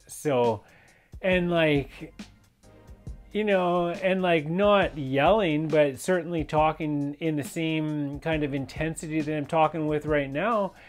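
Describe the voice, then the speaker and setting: Intense rambling man, slightly high voice. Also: slow, soft background music. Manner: intense and emphatic, rambling with many fillers and restarts. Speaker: fitness and yoga instructor sharing personal stories. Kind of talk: personal storytelling monologue.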